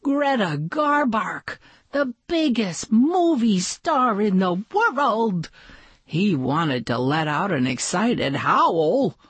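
Slow, breathy woman reading a picture book. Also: mid-range voice, dry recording. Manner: gentle, expressive storytelling. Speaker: narrator.

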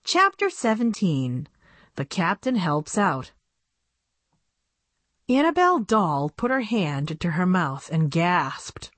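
Slow, expressive woman reading a storybook. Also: fairly low pitch, no echo. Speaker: audiobook narrator.

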